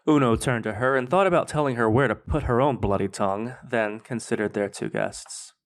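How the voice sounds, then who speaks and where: A man hosting a podcast, reading his own fan fiction aloud in a measured, dramatic way. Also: medium pitch. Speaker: podcast host.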